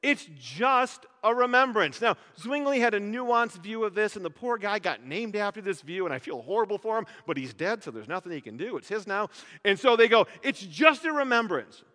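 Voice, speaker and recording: A male pastor preaching with a high, bright voice, animated and full of jokes and rhetorical questions. His voice rings out with the long reverb of a large church hall. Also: brisk. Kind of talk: sermon.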